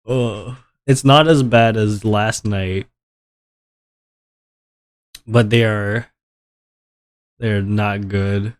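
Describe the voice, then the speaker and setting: A man's voice: fairly low pitch, fairly even intonation, very slow, pauses often. A man streaming live with a stuffy nose from allergies, chatting casually and complaining in a rambling, melodramatic way.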